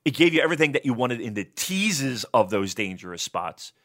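Co-host, male, bright voice, lively pitch, profane and excitable. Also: a little fast. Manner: profane, excitable, builds to shouting rants. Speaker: wrestling podcast co-host. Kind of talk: casual review chat.

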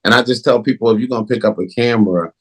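A man who directs films, talking in a casual interview in an emphatic, animated way. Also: medium pitch, very fast, a little hiss or hum. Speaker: film director.

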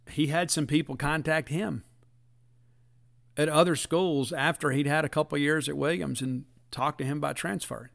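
A man's voice: medium pitch, creaky. A middle-aged man, hosting a casual sports talk show in an earnest, folksy, emphatic way. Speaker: podcast host.

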